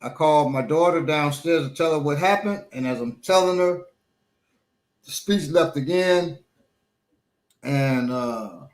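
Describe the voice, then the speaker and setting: A middle-aged man hosting a casual talk show, his words slightly slurred as he recovers from a small stroke. He speaks haltingly, stopping often and filling gaps with ums and uhs. The room around him rings with echo. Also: a little high. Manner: halting, many pauses and fillers. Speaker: podcast host and instructor. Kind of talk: casual chat.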